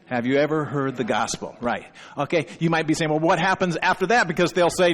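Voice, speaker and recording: A middle-aged male pastor delivers an emphatic sermon, his voice sitting somewhat high for a man. He keeps pausing to check in with his congregation. The recording carries the long reverb of a church hall. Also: fairly bright tone. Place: church sanctuary.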